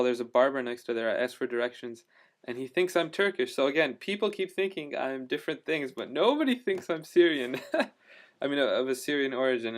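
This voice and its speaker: A man records a casual video diary, talking to the camera about his travels. His voice is smooth and clear and sits at an ordinary middle pitch. He rambles enthusiastically, stopping and restarting his sentences and filling the gaps with "uh" and "you know.". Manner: rambling, full of fillers and restarts; enthusiastic storyteller. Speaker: travel vlogger.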